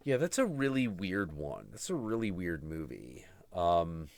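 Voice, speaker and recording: His voice sits low and a little mellow, with vocal fry, big pitch swings, and a slightly slow pace, recorded without echo. The podcast host runs a casual live stream full of profane, sarcastic rambling and swearing while mocking film characters.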